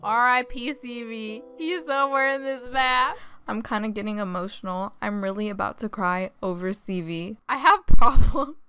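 Excitable young woman gaming YouTuber. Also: fairly high pitch, moderate pace, smooth, dry recording. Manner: excitable, shrieks and laughs often. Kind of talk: casual gameplay commentary.

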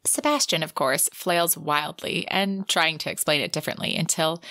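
A woman's voice: sits low, normal speed, few pauses, pushed and bright, no echo, clean studio sound. A woman co-hosting a book podcast, summing up a romance plot and reading quotes with feeling. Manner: narrates plot with acted quotes. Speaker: podcast co-host. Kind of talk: book recap podcast, reading excerpts aloud.

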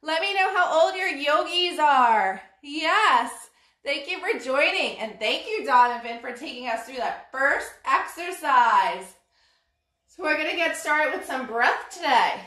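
A Brooklyn woman with a high-pitched, sharp voice and lively intonation leads a live-streamed parent-and-toddler yoga class, speaking a little slowly. Her cues are cheerful, encouraging and sing-song, and the recording has a roomy echo from a distant mic.

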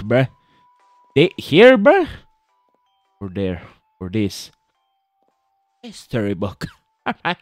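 A man's voice: medium pitch, no room sound, clean studio sound. A young man joking his way through a horror game playthrough, chatting and calling everyone "bro". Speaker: gaming video host.

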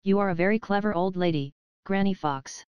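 A woman's voice: medium pitch, fairly quick, clean tone, dry recording, lo-fi sound, natural voice. A woman reading the part of a sly, mischievous male coyote who speaks with pleasant, mocking politeness. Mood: mock polite.

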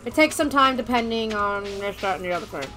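A woman hosting a casual co-op gaming session, goofy and excitable, joking around with friends over a voice chat mic. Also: medium pitch, brisk, over music. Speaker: let's play host. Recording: noisy background hiss.

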